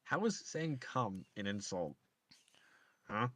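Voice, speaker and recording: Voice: medium pitch, big pitch swings, slow, fairly bright tone, no echo. A stream guest reacting indignantly, swearing and repeating mocking lines. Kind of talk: casual stream chat.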